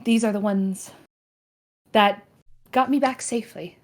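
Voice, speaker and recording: A woman voicing an eager young noble adventurer in a tabletop game, chatty and warm toward her mother. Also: mid-range voice, a little slow, lightly acted.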